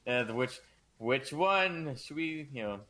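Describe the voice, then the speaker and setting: A man co-hosting a gaming talk stream, relaxed and hesitant, with frequent ums. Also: medium pitch, slow, low-quality recording. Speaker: co-host. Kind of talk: casual chat.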